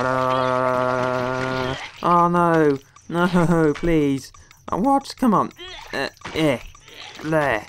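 Excitable young man grumbling through a game. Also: on the high side. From West Country, England. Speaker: gaming video host. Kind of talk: let's play commentary.

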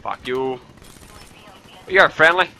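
A man commentating his gameplay in a bright, cutting voice that swoops all over its range. He swears constantly and yells at the other players, then drawls slower stretches between the outbursts. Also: fairly high pitch. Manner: loud, profane and excitable, yelling at opponents. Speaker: gaming commentator.

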